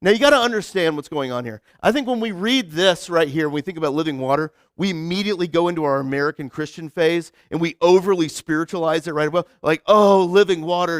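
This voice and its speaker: A man's voice: a little high, no echo, studio quality. A young man preaching a casual, conversational sermon, telling stories with lots of "like" and restarts. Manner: chatty storyteller, many repeated "like" and restarts. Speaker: pastor.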